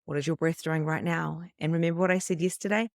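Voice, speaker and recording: A middle-aged woman, a spiritual coach, teaching a live online workshop in a chatty, animated way that acts out her own panic. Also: low voice, quick pace, vocal fry, no room sound, clean studio sound.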